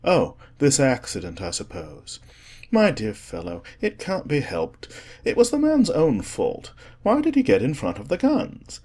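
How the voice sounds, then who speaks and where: A man voicing an urbane, cynical aristocrat who speaks in a calm, dismissive way in an audiobook. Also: on the high side, unhurried, slightly rough, voice pushed up, exaggerated voice.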